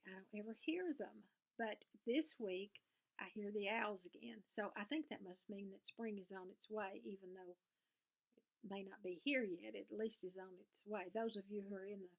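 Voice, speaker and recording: An older woman with a Southern US accent, chatting casually to camera from her sewing room in a rambling, folksy way. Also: medium pitch. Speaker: cross-stitch vlogger. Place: home sewing room, indoors.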